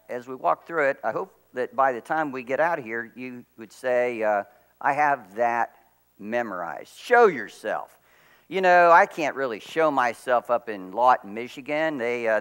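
A middle-aged man preaching a sermon as pastor, telling stories with lively swings from quiet to loud. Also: smooth. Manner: animated storytelling, big swings in pitch and volume.

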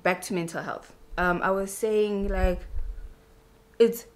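A woman's voice: mid-range voice, steady tone, takes it slowly. A young woman, a beauty vlogger chatting casually and self-mockingly while doing her makeup.

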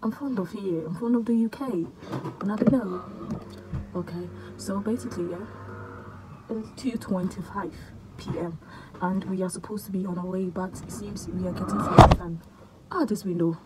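A woman's voice: medium pitch, normal speed, background noise. Teary young woman vlogging at home. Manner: teary, soft-spoken, drifting into whispers. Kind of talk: emotional travel vlog to camera. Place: living room at home.

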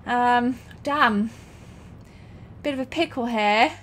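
A young woman with a fairly high voice streams her gameplay live. She reacts in a jumpy, excitable way, swearing freely and gasping between quick remarks to her chat. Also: a little hiss or hum. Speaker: streamer playing a retro shooter.

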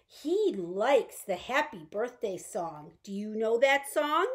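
A woman with a high voice reads a picture book to young children, coaxing them to join in. Her pitch leaps around with animated energy, and at times she drops to a hushed whisper. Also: slow, few pauses. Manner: animated, coaxing, addresses kids directly. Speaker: children's librarian. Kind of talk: storytime reading with songs. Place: library, indoors.

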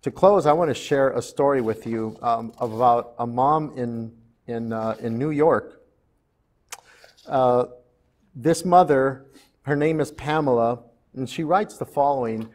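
A man's voice: medium pitch, unhurried, a little mellow. Man preaching a storytelling sermon. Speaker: pastor. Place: church.

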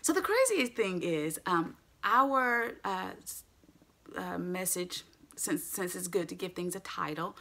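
A middle-aged woman preacher giving a sermon in an animated, emphatic way, laughing often. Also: on the low side, a little slow.

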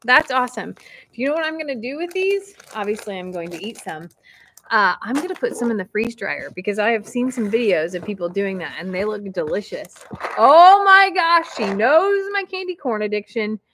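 A woman hosting a casual vlog, opening mail from viewers and talking warmly and emotionally, close to tears at times. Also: mid-range voice, expressive, brisk, a little hiss or hum. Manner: chatty and emotional, near tears.

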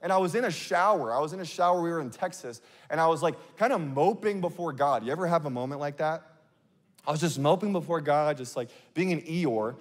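A man's voice: a little high, brisk. Man preaching in a reverberant hall. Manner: candid, conversational storytelling with fillers like "like" and "um". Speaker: pastor. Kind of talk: sermon. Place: large church sanctuary. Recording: long reverb of a large hall.

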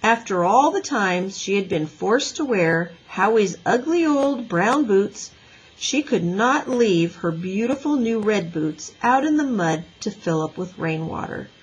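A woman teacher reading a children's book aloud with an expressive, lively voice. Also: mid-range voice, measured pace, husky, low-quality recording. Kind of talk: storybook read-aloud.

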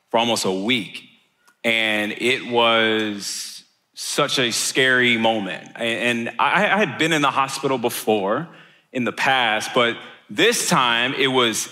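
Earnest pastor preaching in a reverberant hall. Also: male voice, mid-range voice, bright, forceful tone. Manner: earnest, repeats words often, builds to emphatic peaks. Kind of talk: sermon. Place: church auditorium.

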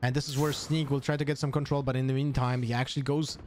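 A man with a non-native English accent doing live esports play-by-play, excitable and thinking aloud with restarts. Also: medium pitch, fast talker, a little hiss or hum. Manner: excitable, jumps up to shouts on kills. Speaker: esports caster.

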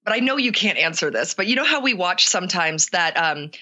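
Low-pitched bright woman, casual interviewer. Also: lively intonation, brisk. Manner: thoughtful, winding questions. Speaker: guest friend asking questions. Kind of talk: casual chat between friends.

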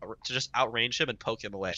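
A man with a hoarse voice casting esports play-by-play with excitable energy, coughing now and then. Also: mid-range voice, brisk, dry recording. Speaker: esports caster. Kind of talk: live esports commentary.

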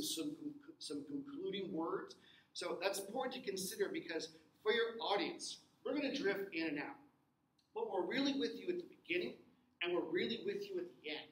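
A man's voice: high-pitched, a bit bright. A man teaching a recorded lecture, repeating words and checking in with the class as he explains. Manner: repeats himself, checks in with "okay?". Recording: echoey room with faint noise.

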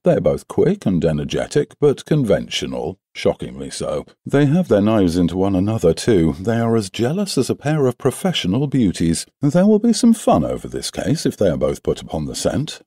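A man voicing a cool, self-assured male detective in an audiobook, speaking crisply with a lightly mocking edge. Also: low voice, wildly swooping pitch, normal speed, few pauses, dark tone, no echo, clean studio sound, exaggerated voice. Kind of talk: audiobook character reading.

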